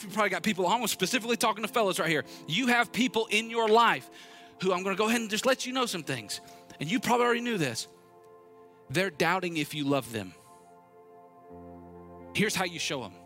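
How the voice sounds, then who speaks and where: A man's voice: sits high, sharp tone. A man preaching a sermon, telling personal stories in an earnest, conversational way that builds to urgent appeals. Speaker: pastor.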